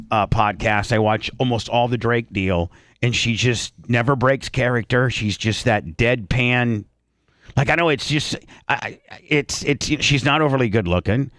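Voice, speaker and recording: A man's voice: mid-range voice, fairly bright tone, no room sound. Guy hosting a radio show, rambles n restarts a lot, mid voice, dead dry mic. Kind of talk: casual radio talk.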